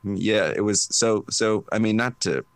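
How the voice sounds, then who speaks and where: A man's voice: fairly low pitch, unhurried, clear, resonant tone, no room sound. A man, an actor guest, chatting casually in an interview, rambling with many fillers and restarts and laughing often.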